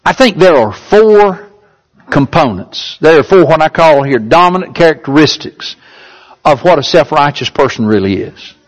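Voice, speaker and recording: A man with a notably high voice delivers a sermon. He leans hard on key words and slows down to stretch them out. When he reads a passage aloud his voice rises even further. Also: poor audio. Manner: emphatic, drawn-out stresses on key words; reads a definition aloud in a higher, lifted voice. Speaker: preacher.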